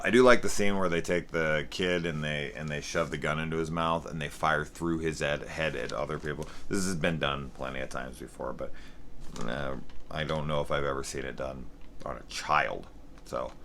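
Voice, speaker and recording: A man's voice: extremely low pitch, creaky, a bit bright. A man in his forties, a film reviewer, ranting sarcastically and swearing freely, mocking scenes with exaggerated quoted voices. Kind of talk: profane, sarcastic rant review.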